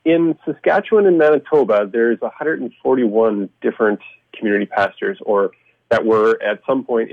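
Male conservation manager, gravelly low voice, repeats himself, tinny dry phone sound. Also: no echo. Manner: repeats words, restarts often. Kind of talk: casual explanatory talk.

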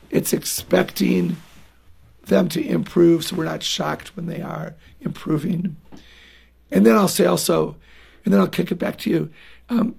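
A woman's voice: on the low side, creaky, darkish tone, husky. A middle-aged woman speaking earnestly as a guest in a radio interview about raising children, acting out little conversations. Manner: earnest, emphatic, acts out dialogue with children. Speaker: guest parenting author.

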